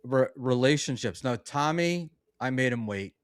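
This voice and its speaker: A man's voice: medium pitch, lively intonation, normal speed, clear, resonant tone, dry recording, clean studio sound. A man hosting a live-streamed talk show, chatting casually, reading out donations and calling himself a control freak. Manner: bossy, reads out donations. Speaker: podcast host.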